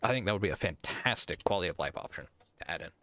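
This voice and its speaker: A man's voice: low voice, lively intonation, rapid-fire, sharp tone, no echo. An American man streaming a game, rambling and thinking aloud in casual commentary. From United States.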